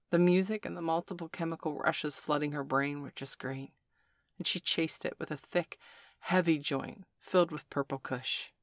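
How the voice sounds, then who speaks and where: Steady mid-pitched audiobook narrator. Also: no echo, clean studio sound. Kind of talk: scripted narration of an adult story.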